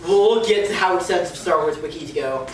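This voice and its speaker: A woman giving a playful, laughing lecture to a group of friends, tossing in quick jokes as she retells the story. She sits back from the mic in a very echoey room, with a faint hiss of noise underneath. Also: fairly low pitch, distant mic. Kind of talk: casual comedic lecture to friends.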